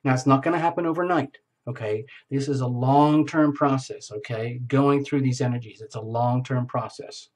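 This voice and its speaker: A man's voice: mid-range voice, steady tone, normal speed, hardly any pauses, darkish tone. A man giving a solo tarot reading, enthusiastic and rambling, often repeating his phrases. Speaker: tarot reader.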